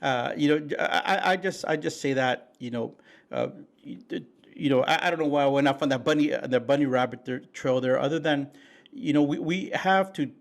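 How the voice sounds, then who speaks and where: A man's voice: medium pitch, fairly quick, gravelly. Man, folksy, preachy, fillers and restarts, co-host chat. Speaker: podcast co-host. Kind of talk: casual political chat.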